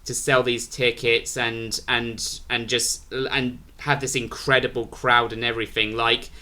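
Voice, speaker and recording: A man's voice: mid-range voice, level tone, unhurried, bright, forceful tone. A British man rambling through a casual review of a wrestling show, restarting his sentences often. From Britain.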